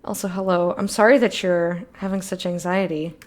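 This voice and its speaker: A woman's voice: on the low side, steady tone, normal speed. A woman chatting casually while streaming a game, sleepy and rambling, apologizing and swearing lightly. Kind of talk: casual let's-play chat.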